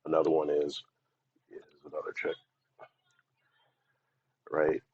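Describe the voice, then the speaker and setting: A man's voice: a bass voice, completely flat delivery, takes it slowly, husky, no room sound. A man talking in a rambling, blunt monologue, swearing often as he vents. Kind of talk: casual ranting monologue. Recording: dull lo-fi recording.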